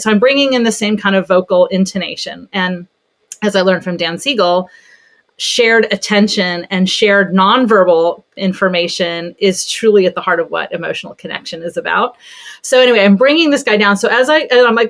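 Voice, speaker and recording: A woman pediatric therapist telling a story in a casual podcast conversation, animated and chatty. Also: medium pitch, normal speed.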